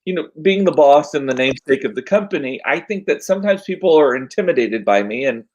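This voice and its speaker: Male host, casual chat, slightly high pitch, hoarse from losing his voice, rambling. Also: lively intonation, fast talker, darkish tone, rough recording. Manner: chatty, rambling with frequent fillers. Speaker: podcast host.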